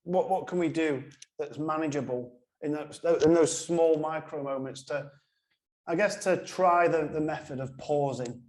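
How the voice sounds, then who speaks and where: Male host, chatty, slightly high voice, roomy echo. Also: unhurried, a little mellow. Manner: chatty, laughs along. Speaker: podcast host. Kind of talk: podcast interview. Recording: echoey room.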